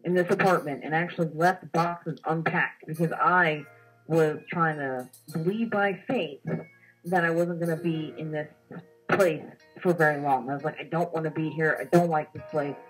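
A young female co-host relates a dream conversationally, animated throughout and voicing the quoted lines dramatically. Her voice is deep and husky at a moderate pace. Soft music plays in the background of a low-quality recording.

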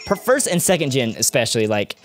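A man's voice: medium pitch, very animated, quick pace, soft background music. A young man doing let's-play commentary, chatty and rambling, often drifting off on tangents. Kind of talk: video game commentary.

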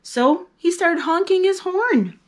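A woman reading a picture book aloud to children, lively and expressive, acting out the story's characters. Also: very high voice, takes it slowly.

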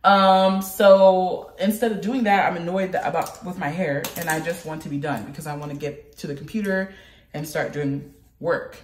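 A woman vlogger with the flu chatting in a rambling way, with sudden animated outbursts. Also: lowish voice, moderate pace. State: sick with the flu. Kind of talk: casual chat. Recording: roomy echo.

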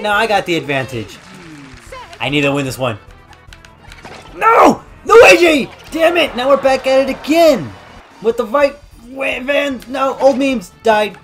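A young man doing let's-play commentary while playing, loud, swearing and trash-talking the game. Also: high voice. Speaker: gaming YouTuber.

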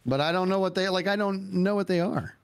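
A man's voice: high-pitched, brisk, clear, resonant tone. A man in his forties playing a game with a friend, silly and playful, full of singsong sound effects. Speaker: guest co-player. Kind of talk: casual gaming chat.

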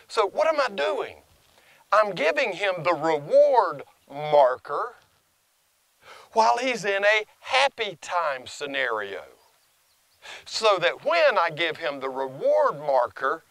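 Older male dog trainer, folksy and animated, voice a bit high, dry close sound. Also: slow, no room sound. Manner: lively, folksy, praises the dog in a high sing-song. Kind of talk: casual outdoor training vlog.

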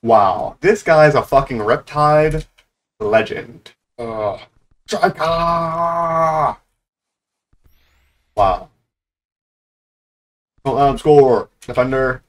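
A man giving live gameplay commentary, excitable and trash-talking, who swears a lot, rants about the game and breaks into sudden high yelps. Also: slow, long pauses. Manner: grumbling, ranting complaints. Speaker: gaming YouTuber.

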